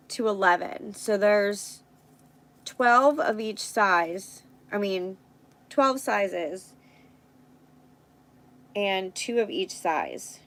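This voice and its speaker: A woman's voice: medium pitch, low-quality recording. A woman hosting a casual live stream, thinking aloud as she works and chatting with viewers. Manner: thinks aloud while working, chats with viewers.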